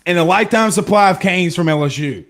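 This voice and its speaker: On his live-stream sports talk show, a blunt, opinionated host reads out viewer comments, laughing and restarting often. He talks quickly in a high-pitched, fairly bright voice, with a little hiss or hum on the audio.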